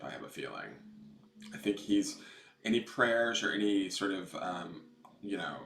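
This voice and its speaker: A tarot reader with a deep, slightly bright voice gives a casual livestream reading, rambling and chatty with some swearing. It's recorded on a camera mic in an echoey room.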